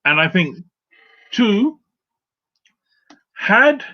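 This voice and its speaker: Expressive man, emphatic co-host. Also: high voice, extremely slow. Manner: emphatic, asks "right?" often. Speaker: podcast co-host. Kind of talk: casual opinion chat. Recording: dull lo-fi sound.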